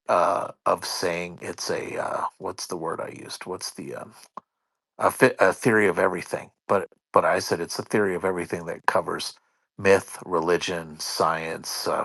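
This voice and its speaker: A man with a fairly low voice tells a story in a casual online voice chat. He talks in an animated way and swears freely. The sound is close and dry, with no room on it. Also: unhurried, gravelly, dry recording.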